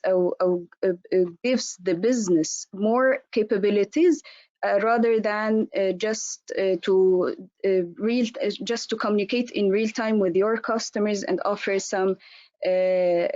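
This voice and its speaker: A woman with a hoarse voice from an allergy, presenting a business webinar as a consultant and stumbling over fillers and restarts. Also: mid-range voice, darkish tone, no room sound, highs cut off. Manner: hesitant, many fillers and restarts.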